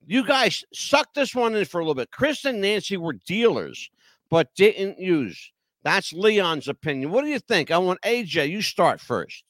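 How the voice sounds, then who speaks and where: Animated, brash male talk show host. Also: high voice, moderate pace, no echo. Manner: brash, emphatic, swears. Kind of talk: live radio talk show chat.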